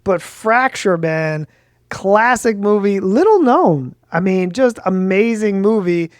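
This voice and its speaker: High-voiced, rambling podcast co-host man. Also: takes it slowly, no room sound, clean studio sound. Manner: animated, rambling, lots of "like". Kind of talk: casual chat.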